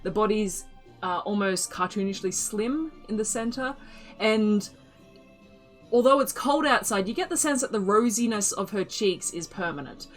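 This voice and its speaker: A woman narrating a tabletop fantasy game as game master, telling the scene in a lively, relaxed storyteller's way. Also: mid-range voice, normal speed, soft background music.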